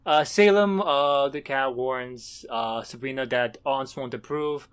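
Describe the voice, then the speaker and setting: A man's voice: medium pitch, unhurried, clean tone. A man co-hosting a podcast in casual chat, rambling and stop-start with emphatic bursts. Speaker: podcast co-host.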